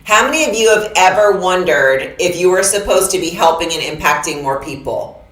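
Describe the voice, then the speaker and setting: A middle-aged woman coach speaks to her audience over a video call, her voice emphatic and preacher-like. She sits a little low in pitch, and the room around her rings with echo. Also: animated, moderate pace, a bit bright. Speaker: business coach. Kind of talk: live online masterclass talk.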